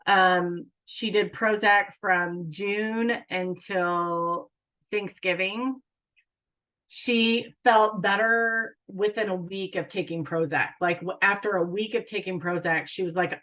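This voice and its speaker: A woman's voice: fairly low pitch, bright, forceful tone, low-quality recording. A middle-aged woman counselor telling parents a personal story, candid and plain-spoken with frequent ums. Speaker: school counselor speaking to parents. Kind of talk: parent information talk.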